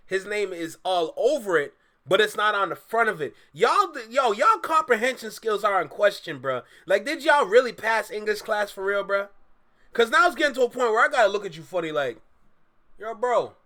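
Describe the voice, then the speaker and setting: A man's voice: high voice, pushed and bright. A man from Toronto hosting his reaction stream, chatty and casual, always calling the audience "bruh" and "y'all.". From Toronto, Canada.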